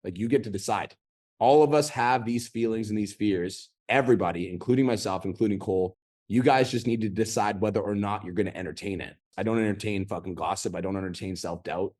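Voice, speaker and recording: A man's voice: fairly low pitch, a little fast, darkish tone. A man in his thirties coaching a group video call, blunt and profane, talking in a pumped-up motivational way. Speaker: online business coach hosting a group call.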